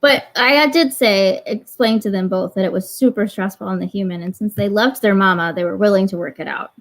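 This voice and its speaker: A woman working as an animal medium who chats as a guest, telling animated stories and breaking into exclamations. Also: mid-range voice, fairly quick, rough recording. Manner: animated, exclamatory, acts out quoted voices. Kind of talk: casual conversation, storytelling.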